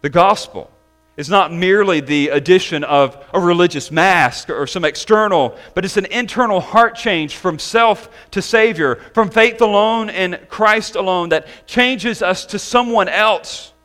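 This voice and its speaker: Bright, high-voiced man preaching. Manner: emphatic preaching, slowing down to stress key words. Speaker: pastor. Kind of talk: sermon.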